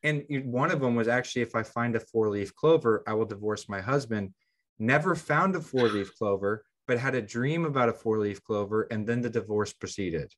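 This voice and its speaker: Speaking at a moderate pace in a mid-range voice, a man co-hosting a podcast rambles through a story casually, full of fillers like "um" and frequent restarts.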